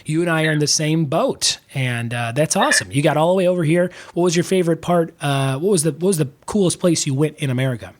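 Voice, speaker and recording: A man hosting a podcast, his voice hoarse, chatting casually and upbeat with lots of fillers. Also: a little high, quick pace, hardly any pauses, no room sound. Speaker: podcast host. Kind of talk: casual chat.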